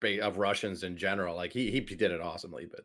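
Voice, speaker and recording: A man's voice: sits low, fast, fairly bright tone. A man co-hosting a casual movie review chat, chiming in bluntly with profane remarks. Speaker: podcast co-host.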